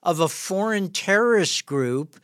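A middle-aged man hosting a podcast, speaking in a measured, conversational way. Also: high voice, animated, a bit bright, smooth, no room sound, studio quality. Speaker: podcast host. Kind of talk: interview talk.

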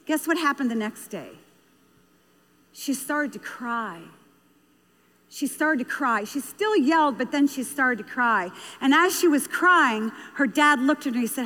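A woman's voice: sits high, a bit bright. A woman giving a talk on parenting, telling an anecdote earnestly and repeating key phrases for emphasis. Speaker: speaker on parenting. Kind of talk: storytelling talk to an audience. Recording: long hall reverb.

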